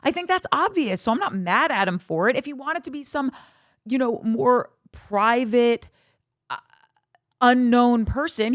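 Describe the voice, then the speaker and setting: A woman's voice: high voice, dry recording, clean studio sound. Candid, gushing woman podcast host. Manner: animated, candid and bawdy, gushing. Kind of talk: casual chat.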